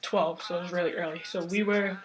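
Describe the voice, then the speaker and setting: A young woman telling a story to her camera in a casual, rambling way, excitedly piling up "like" as she goes. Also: lowish voice, fast, faint music behind. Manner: excited, rambling, heavy use of filler "like". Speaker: vlogger.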